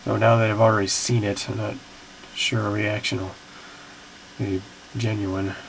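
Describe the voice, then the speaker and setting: A man's voice: fairly low pitch, little pitch movement, moderate pace, creaky, a little hiss or hum. A man casually reacting to a video and answering viewer questions at home in a matter-of-fact, technical, rambling way. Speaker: siren-hobby video creator. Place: home, screen recording.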